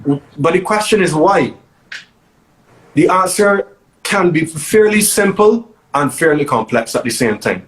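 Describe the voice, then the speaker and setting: A man's voice: fairly high pitch, measured pace, poor audio. A man, a guest DJ telling stories in a casual interview with emphatic repeats. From Barbados. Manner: animated storytelling, emphatic repeats.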